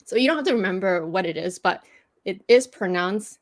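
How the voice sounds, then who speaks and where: A woman's voice: on the low side, lively intonation, moderate pace. A woman hosting a livestream, patiently explaining pronunciation rules step by step and laughing easily. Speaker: host teaching pronunciation.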